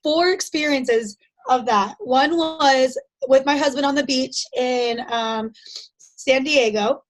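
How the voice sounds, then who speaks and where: A young woman with a high voice talks in a relaxed, chatty way. She is an interview guest telling stories and drops "like" into most of her sentences. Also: slow. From United States. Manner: chatty storytelling, frequent "like" fillers. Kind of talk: casual conversation.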